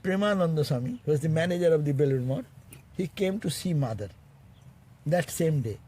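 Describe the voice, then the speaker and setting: Male monk teacher, fairly high, mellow voice; storytelling sermon full of chuckles. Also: animated, breathy edge. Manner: chuckles often while telling; halting, restarts phrases.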